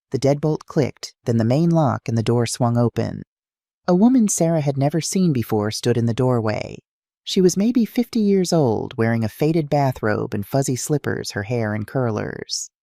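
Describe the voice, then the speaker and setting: A narrator telling a dramatic story, the pitch swinging widely through tense moments. The voice is mellow and warm. The recording is dry and close, with no room sound. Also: creaky, dry recording.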